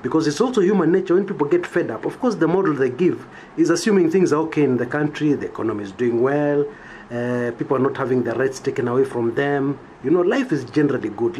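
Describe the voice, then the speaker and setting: A Kenyan man delivers an opinionated monologue in a lively voice whose pitch climbs and falls as he makes his points. He punctuates his points with "yeah?" and "okay?". A faint hiss of noise sits beneath his voice. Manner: emphatic, rhetorical, keeps asking "yeah?". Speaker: political commentator.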